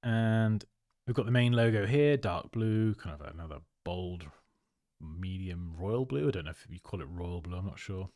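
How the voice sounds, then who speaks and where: A man hosts a casual livestream and chats his way through viewers' design work. His delivery is upbeat and full of laughs. His voice sits fairly low and is recorded close, with a dry sound. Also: expressive, moderate pace, darkish tone, dry recording. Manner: chatty and upbeat, often laughing.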